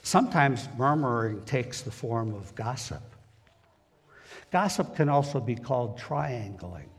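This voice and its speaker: A man's voice: mid-range voice, expressive, measured pace, husky, long reverb tail. A man giving a conversational sermon in a church, folksy and plain-spoken as he talks straight to the congregation. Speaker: preacher. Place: church sanctuary.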